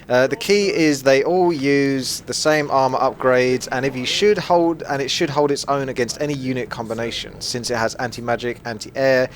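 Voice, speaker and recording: A young man with a mixed British accent giving playful, self-mocking, chatty commentary over a strategy game. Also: mid-range voice. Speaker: gaming commentator. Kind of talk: casual gameplay commentary.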